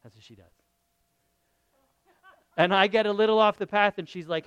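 A middle-aged man preaching a lively, conversational sermon, often asking his listeners questions. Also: high-pitched, moderate pace, pauses often, smooth, no room sound. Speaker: pastor.

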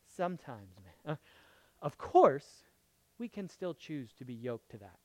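A man preaching a conversational sermon as a pastor, jumping from loud emphatic lines to quiet murmured asides and checking in with his listeners. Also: on the high side, sing-song, unhurried, no room sound. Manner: checks in with the audience, asking okay and right.

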